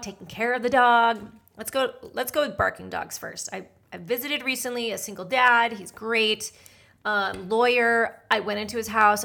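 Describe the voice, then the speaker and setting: A woman's voice: mid-range voice, vocal fry, sharp tone. A middle-aged woman, a matchmaker hosting a podcast, giving blunt, feisty dating advice in a chatty monologue.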